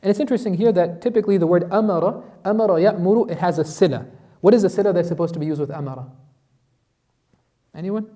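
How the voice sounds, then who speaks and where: Man, imam giving a lesson, high voice, fast talker, quizzes the class, recites verses. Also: dark tone. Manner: asks the class rhetorical questions, recites Arabic verses. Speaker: imam teaching Quran commentary.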